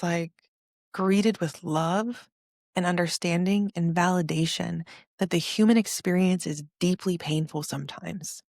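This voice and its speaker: Low-voiced woman telling her own story. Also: a little mellow, no echo, studio quality. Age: about 40. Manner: earnest, emotional, confessional. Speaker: podcast host. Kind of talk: personal testimony storytelling.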